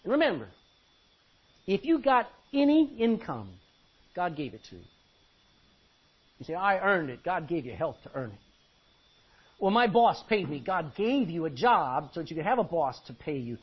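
Male pastor, sermon delivery, animated and joking, lively pitch, slightly husky. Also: normal speed, pauses often. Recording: dull lo-fi recording.

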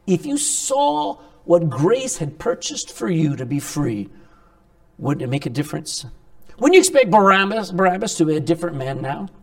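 A man preaching a sermon, animated, with sudden loud emphasis, quiet asides and many rhetorical questions to the congregation. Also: fairly high pitch, moderate pace.

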